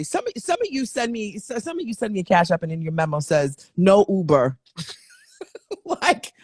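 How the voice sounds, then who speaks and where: A woman's voice: fairly low pitch, dry recording, clean studio sound. A woman hosting her own show, signing off in a chatty, playful way with many fillers. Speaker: show host. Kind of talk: casual show sign-off.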